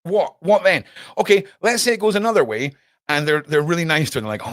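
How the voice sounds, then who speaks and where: A man's voice: a little high, a little fast, a bit bright, no echo, clean studio sound. A man hosting a livestream, chatting sarcastically and jokily with lots of slang. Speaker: livestream host. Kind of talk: casual commentary.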